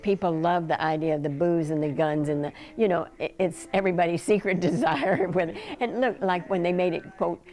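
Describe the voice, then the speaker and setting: A woman speaking in an interview, animated and laughing between points. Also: fairly low pitch, brisk, hardly any pauses.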